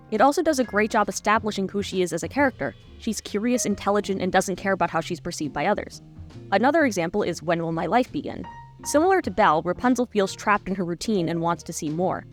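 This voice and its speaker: A woman narrating a scripted video essay in a wry, analytical manner. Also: mid-range voice.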